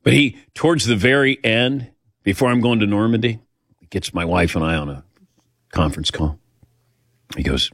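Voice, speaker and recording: Low-voiced older man telling stories. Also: moderate pace, pauses often, a bit bright, no room sound, clean studio sound. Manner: chatty, self-deprecating, acts out quoted voices. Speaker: host. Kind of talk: casual storytelling chat.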